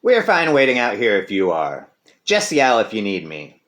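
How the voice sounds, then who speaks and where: A man's voice: lowish voice, huge pitch swings, normal speed, fairly bright tone. A man playing a polite, apologetic conference security official in a fan audio drama. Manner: courteous, apologetic.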